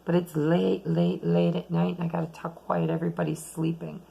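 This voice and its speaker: A woman giving a chatty, rambling tarot reading at home late at night, losing her voice and talking softly at times. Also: lowish voice, flat delivery, normal speed, vocal fry, slightly rough, poor audio. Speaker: tarot reader.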